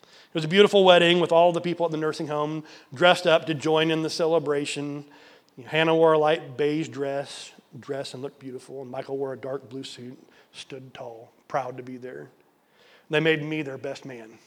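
A male pastor preaching a sermon, telling a story earnestly, sometimes dropping to a soft near-whisper and repeating words for emphasis. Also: on the high side, little pitch movement, normal speed.

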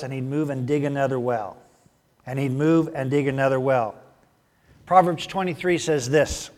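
A man preaching a sermon, telling the story in an animated way that swings from loud bursts to hushed asides. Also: a little high. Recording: long hall reverb.

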